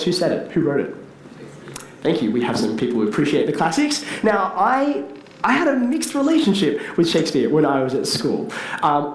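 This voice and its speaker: Male teacher on stage, engaging speaker, slightly high voice, reverberant venue. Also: a little hiss or hum. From Australia. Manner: animated, asks the audience questions. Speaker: teacher giving a public talk. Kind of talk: public speech. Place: large hall with audience. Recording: echoey hall, faint ambience.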